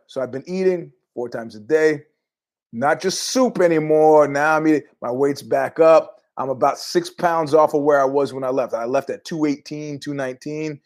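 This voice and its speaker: A man's voice: fairly high pitch, moderate pace, darkish tone. A middle-aged man hosting a podcast, telling rambling, jokey stories in a casual monologue with asides. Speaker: podcast host.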